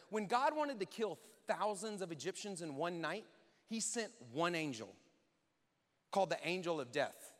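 A man preaching a sermon in a lively, conversational way, acting out quotes and joking with the church. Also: high voice, normal speed. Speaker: pastor. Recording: reverberant hall.

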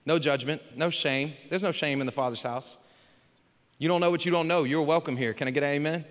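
A man's voice: fairly high pitch, fairly quick, in a large hall. A man preaching a casual, joking sermon as pastor and calling on the crowd for amens. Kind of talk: lively sermon.

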